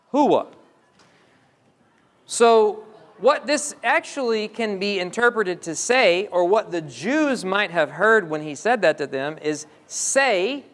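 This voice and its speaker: A man's voice: high voice, a bit bright. A man giving a religious lecture, explaining step by step and asking the audience questions. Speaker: Islamic lecturer. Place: mosque hall. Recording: long hall reverb.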